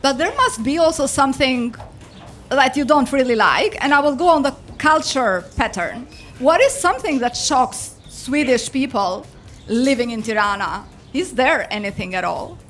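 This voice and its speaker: A woman's voice: high voice, expressive, normal speed, a bit bright. A young woman moderating an interview, asking direct, polite questions.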